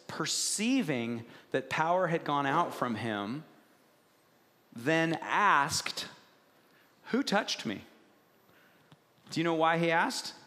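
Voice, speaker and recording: A man's voice: a little high, bright, forceful tone. A man preaching a sermon, asking the congregation questions and telling stories with animation. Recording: long reverb of a large hall.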